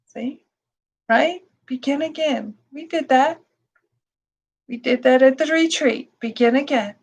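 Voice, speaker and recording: A woman meditation teacher speaking gently to her class, repeating soft reassurances and laughing lightly now and then. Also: sits high, a little slow, gravelly, husky.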